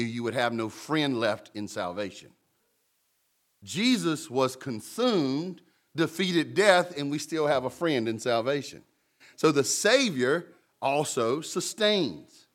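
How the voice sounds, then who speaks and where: A man's voice: on the high side, fairly bright tone. Man preaching a chatty sermon. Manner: conversational preaching with humorous asides. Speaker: pastor.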